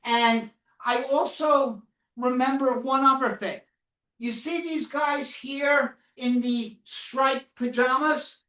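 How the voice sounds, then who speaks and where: High-voiced woman telling a survival story, echoey hall. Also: fairly even intonation, a bit bright. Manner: questions the audience often and waits for answers; slow, solemn storytelling. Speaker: Holocaust educator speaking to students. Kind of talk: first-person survival testimony to a live audience. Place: classroom or lecture hall. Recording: echoey room, mic far off.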